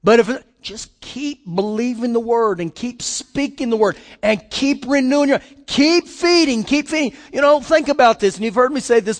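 Man, pastor, high voice, emphatic sermon, repeats lines, reverberant hall. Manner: emphatic preaching, repeating phrases and asking the congregation questions.

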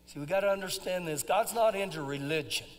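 A man preaching a live church sermon with a very high voice. He talks in a folksy, conversational way, drops into low asides, then bursts into loud shouted emphasis. His voice rings with the long reverb of a large sanctuary. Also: a little fast. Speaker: pastor. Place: church sanctuary during a service.

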